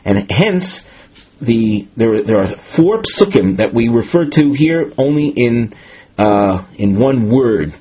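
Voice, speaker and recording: A man's voice: medium pitch, animated, slow, dull audio, a little hiss or hum. A man teaching a Talmud study lesson, explaining step by step with frequent restarts and Hebrew terms.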